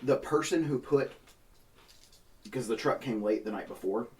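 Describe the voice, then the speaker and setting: A man's voice: mid-range voice, moderate pace, far from the mic. A man on a podcast telling a long story in casual chat among friends, swearing freely and acting out what other people said. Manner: profane, animated, acts out quoted people. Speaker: podcast co-host.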